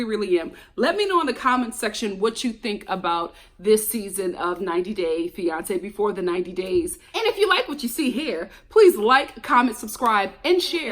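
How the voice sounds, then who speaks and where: An animated woman vlogger chatting through a reality show review. Her fairly high voice swings between excited outbursts and hushed asides, always talking directly to viewers. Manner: animated, chatty, exclamatory, addresses viewers as y'all. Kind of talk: casual commentary vlog.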